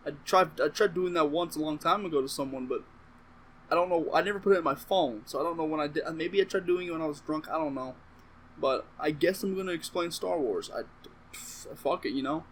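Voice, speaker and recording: In a low-quality recording with slight background noise, a man with a slightly high, fairly bright voice speaks briskly. He's a comedic vlogger giving a profane, rambling movie recap to camera, constantly interrupting himself with asides.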